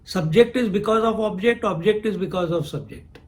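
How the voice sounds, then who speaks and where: Higher-voiced man giving a spiritual discourse. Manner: unhurried, asks questions and answers them himself. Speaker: spiritual teacher.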